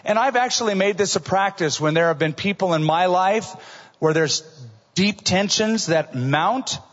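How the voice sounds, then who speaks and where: A middle-aged male pastor preaching a sermon in an earnest, conversational way, often dropping to a soft voice for asides. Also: high voice, normal speed. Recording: dull recording in a large reverberant hall.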